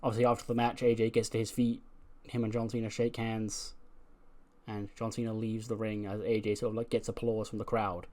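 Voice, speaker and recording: A man's voice: fairly low pitch, level tone, brisk, darkish tone. A man casually narrating a game playthrough in a chatty way, full of fillers. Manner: chatty, filler-heavy, laughs at own jokes. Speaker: let's play narrator.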